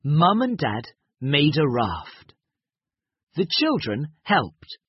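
A reader slowly and expressively reading a children's picture book aloud as a reading lesson, in a dull, lo-fi recording. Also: medium pitch, breathy edge, no room sound. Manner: slow, deliberate, expressive. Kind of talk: slow, clear storybook reading lesson.

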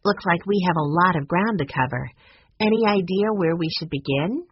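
Audiobook: soft-spoken young girl, lively inflection, woman reading. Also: fairly low pitch, normal speed, husky, no echo, dull audio. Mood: thoughtful. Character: thoughtful shy girl.

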